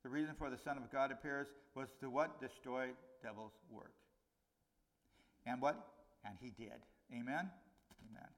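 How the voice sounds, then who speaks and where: A middle-aged man preaching a conversational sermon, his voice rising on key points and dropping low on warnings. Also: fairly even intonation, normal speed, long pauses. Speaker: pastor.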